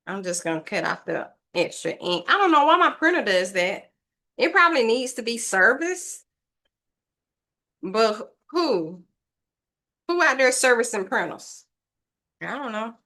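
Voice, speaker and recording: A woman's voice: fairly high pitch, big pitch swings, unhurried, long pauses, bright, forceful tone. A woman casually narrating a craft tutorial, thinking aloud and rambling to her viewers as she works. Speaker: craft vlogger.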